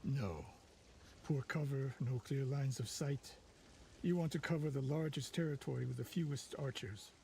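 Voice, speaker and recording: A man's voice: medium pitch, vocal fry, mellow, a little hiss or hum, close to an everyday voice. A man voicing a stern older archery master. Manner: curt, measured, critical. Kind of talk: video game dialogue.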